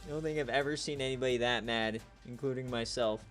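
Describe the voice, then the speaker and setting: Joking, excitable male game streamer. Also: medium pitch, quick pace, faint music behind. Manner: joking, trash-talking, gets loud and excited at big plays. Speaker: online league host and streamer. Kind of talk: casual live-stream game commentary.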